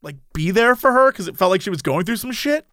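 A man with a notably high voice, recorded close and dry with no room sound. He tells his story in an animated way, laughing often and slipping into the voices of the people in it. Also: fast talker, no room sound. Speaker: podcast host telling a story. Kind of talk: casual storytelling chat.

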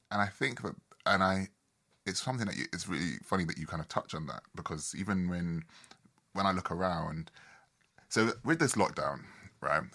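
Host with a super deep voice, bright edge to it, rambles and restarts a lot. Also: male voice. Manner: rambling, restarts often, reflective. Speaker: podcast host. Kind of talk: casual conversation.

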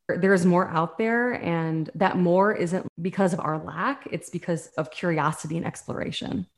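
Woman, coach, fairly low voice, earnest, reflective, podcast conversation. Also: a little mellow.

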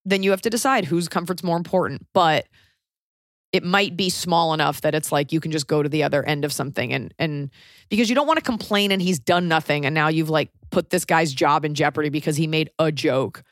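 A woman's voice: sits low, fairly quick, no echo, clean studio sound. A woman in her thirties co-hosting a podcast in casual chat, blunt and joking, often acting out the voices of the people she quotes. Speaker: podcast co-host.

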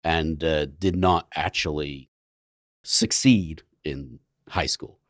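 A man's voice: a bass voice, slow, no echo. A middle-aged man from England with a faded, partly Americanized English accent, a guest in a casual interview, talking with dry, self-deprecating humor.

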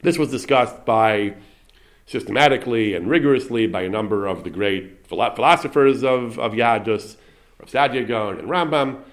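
A man's voice: medium pitch, normal speed. A man giving a lecture on Jewish theology, thoughtful and quoting Hebrew, often restarting his sentences. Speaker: Torah teacher.

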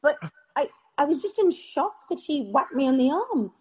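A middle-aged British woman, an actress, telling stories in a casual interview with lively laughter. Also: sits high, moderate pace. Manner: animated storytelling with laughs. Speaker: actress guest.

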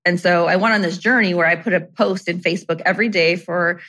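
A woman's voice: lowish voice, steady tone, fast, a bit bright. A middle-aged woman guest telling personal stories in casual conversation, chatty and full of "like" and "you know".

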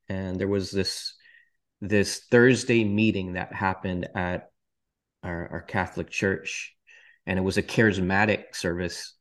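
A man's voice: low voice, steady tone, unhurried. A male podcast host candidly and earnestly telling his personal faith testimony, with touches of self-deprecating humor.

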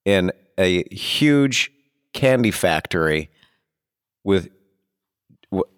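A man's voice: low voice, expressive, drawn-out words, smooth, no room sound. A man co-hosting a podcast, chatting with wry, dry humor. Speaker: podcast co-host. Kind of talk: casual chat.

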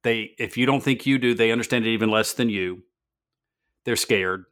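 Low-voiced American man telling a business story. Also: normal speed, a bit bright. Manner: earnest storytelling, emphatic repetition. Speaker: podcast host. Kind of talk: business podcast monologue.

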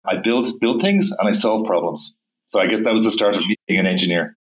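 A middle-aged man with a Dublin Irish accent talks casually as a guest, sitting a bit low in pitch. His voice comes through a dull, lo-fi remote line. He laughs easily and trips over his restarts. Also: fairly quick. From Ireland. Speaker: guest, tech executive. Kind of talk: casual interview chat.

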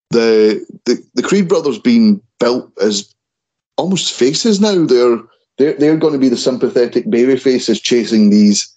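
A man's voice: medium pitch, darkish tone, poor audio. A man hosting a casual wrestling chat podcast, tripping and restarting over names. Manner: stumbles and repeats words on names. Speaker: podcast host.

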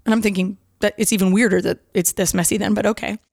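A young woman casually telling a dating story, acting out both sides of the conversation with big pitch jumps. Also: fairly even intonation, fast, gravelly, darkish tone, no echo, clean studio sound. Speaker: storyteller recounting dates.

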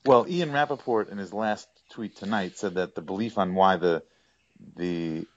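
A man co-hosting a casual sports podcast, giving his opinions in halting sentences with many restarts. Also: sits low, highs cut off. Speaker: sports blog writer and podcast co-host.

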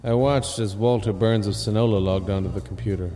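Deadpan man narrating a comic audio drama, mellow low voice, reverberant sound, music behind. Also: a little fast. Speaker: narrator and lead performer.

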